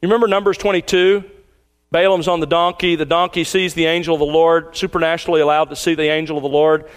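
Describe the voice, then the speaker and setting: A middle-aged man preaching a sermon as pastor, measured and questioning, slowing down to read quotations. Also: a little high, flat delivery, clear, resonant tone.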